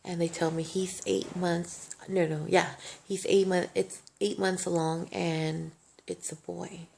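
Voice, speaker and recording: Gravelly young woman telling her story. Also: lowish voice, flat delivery, measured pace, a little mellow. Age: young adult. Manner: emotional, rambling, swears freely. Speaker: vlogger. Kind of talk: casual storytime monologue.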